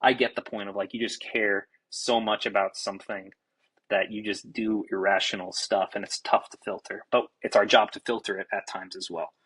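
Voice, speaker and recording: A young man, a baseball pitcher and podcast guest, telling a story in an animated, casual way, swearing freely and restarting his sentences. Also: moderate pace, breathy edge, poor audio. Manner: animated, self-described fiery, swears freely, many restarts.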